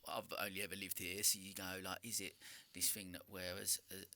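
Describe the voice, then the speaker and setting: A British man hosting a podcast, asking long, searching questions with halting restarts. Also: low-pitched, little pitch movement, vocal fry, bright, forceful tone. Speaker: podcast host. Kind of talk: casual podcast interview.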